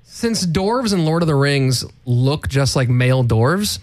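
A man's voice: medium pitch, lively intonation, a little slow, no room sound. A man co-hosting a casual podcast, wry and teasing. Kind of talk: casual crude comedy chat.

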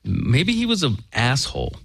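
A man's voice: mid-range voice, wildly swooping pitch, moderate pace, vocal fry, husky, dry recording, studio quality. A man in a casual commentary chat, asking incredulous joking questions.

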